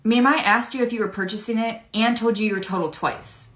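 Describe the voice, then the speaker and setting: A woman's voice: a little high, a little fast, a bit bright, close to an everyday voice. A woman playing a polite but firm cashier in a comedy skit, dry and unbothered. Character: patient, fed-up young woman cashier. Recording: roomy echo.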